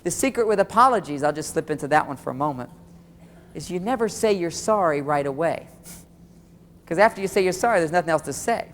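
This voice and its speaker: Lively male seminar speaker, talks right at the crowd, playacts little exchanges; long hall reverb, faint tape hiss. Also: a little high, a little fast. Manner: animated, acts out quoted dialogue, addresses audience directly. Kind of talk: live seminar lecture.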